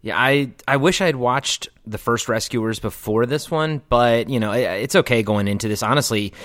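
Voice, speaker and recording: A man's voice: medium pitch, moderate pace, fairly bright tone, no echo, clean studio sound. A man guesting on a podcast, chatting casually about a movie, agreeable and enthusiastic. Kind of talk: casual movie breakdown chat.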